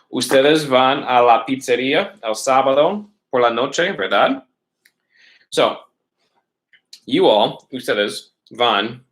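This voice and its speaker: A man's voice: mid-range voice, a bit bright, poor audio. A man teaching middle school Spanish, walking students patiently through a worksheet step by step and checking in with them often. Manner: patient, step-by-step explaining with frequent "right?" checks. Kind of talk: remote lesson walkthrough.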